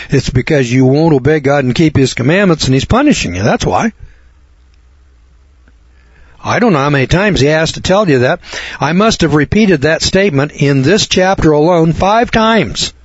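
A man's voice: a little high, expressive, moderate pace, husky, no room sound. A man from the United States preaching a sermon in a blunt, folksy, repetitive manner. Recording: dull lo-fi recording.

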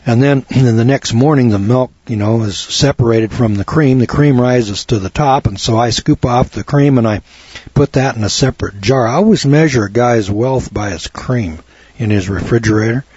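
A man's voice: mid-range voice, moderate pace, darkish tone, husky, no room sound. A man giving a rambling, folksy health talk to an audience, acting out quoted dialogue as he goes. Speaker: health lecturer. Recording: dull lo-fi sound.

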